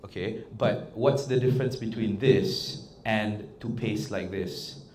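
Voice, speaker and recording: A man leading an interactive workshop, talking in an animated, coaxing way and often checking in with the audience. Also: fairly low pitch, measured pace, slight background noise. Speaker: workshop trainer. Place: indoor workshop room. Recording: echoey room with faint ambience.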